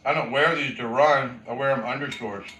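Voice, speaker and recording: In his home kitchen, a male vlogger chats casually over breakfast, rambling and talking with his mouth full. His voice is medium-pitched and sharp in tone, with fairly even intonation and a moderate pace. A camera set down nearby picks him up from a distance, giving a roomy sound with faint noise.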